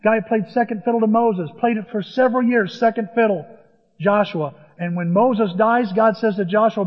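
A man's voice: high voice, fairly even intonation, moderate pace. Male preacher, storytelling sermon delivery; dull, lo-fi sound. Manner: storytelling, conversational, acts out scenes. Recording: long hall reverb, dull lo-fi.

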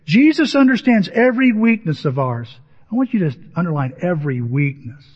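Conversational male preacher, fairly high husky voice, reverberant room. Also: very animated, a little fast, a little mellow. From Southern Illinois, USA. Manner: conversational, asks the audience questions. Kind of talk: storytelling sermon. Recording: dull recording in a reverberant hall.

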